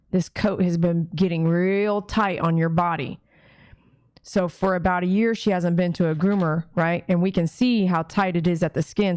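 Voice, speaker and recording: A woman's voice: on the low side, darkish tone, no echo, studio quality. A woman dog groomer hosting a casual live watch party, chatting with viewers and reading their comments aloud. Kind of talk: casual live-stream chat.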